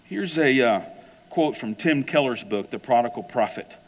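A man preaching to his congregation, spinning a personal story with lively, conversational energy. His voice sits at an ordinary middle pitch and carries the long echo of a large hall. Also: moderate pace. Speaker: pastor. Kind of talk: sermon.

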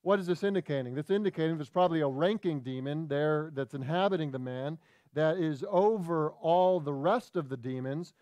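Animated preaching man, fairly high voice. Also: dry recording. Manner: animated preaching, quick asides and restarts. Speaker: pastor. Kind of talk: sermon.

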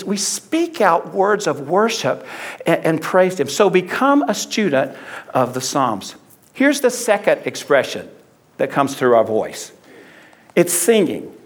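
A middle-aged man preaching a conversational sermon, repeating phrases for emphasis. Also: high-pitched. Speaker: pastor.

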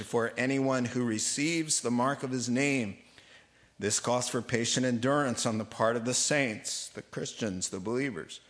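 Male pastor, mid-pitched voice, lively joking sermon delivery, reads scripture aloud. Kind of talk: sermon Bible study.

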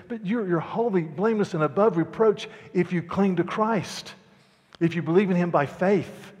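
Emphatic male preacher in a reverberant hall. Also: fairly high pitch. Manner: emphatic, repetitive, rising to loud declarations. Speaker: pastor. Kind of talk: sermon.

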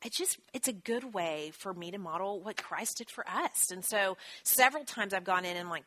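A woman, teaching a church marriage class in a chatty, self-deprecating way with quick asides. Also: medium pitch, lively intonation, a bit bright. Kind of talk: teaching talk with scripture.

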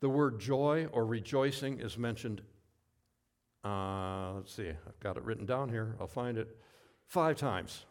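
A man giving a sermon as pastor, telling stories in a relaxed, folksy way with asides and self-corrections. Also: mid-range voice, unhurried.

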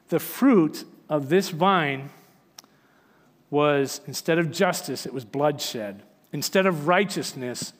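A man's voice: on the high side, in a large hall. A man preaching a sermon, reading scripture aloud and explaining it with earnest, emphatic delivery. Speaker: pastor.

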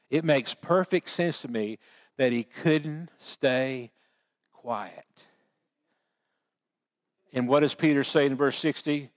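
A man preaching a sermon, telling the story in a folksy, homespun way. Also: a little high. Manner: folksy storytelling with baseball analogies.

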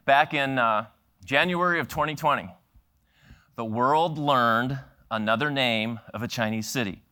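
A middle-aged man preaching a sermon, telling a story with lively acted-out quotes and frequent laughs. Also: mid-range voice, smooth. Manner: animated storyteller acting out quoted voices, laughing often. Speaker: pastor.

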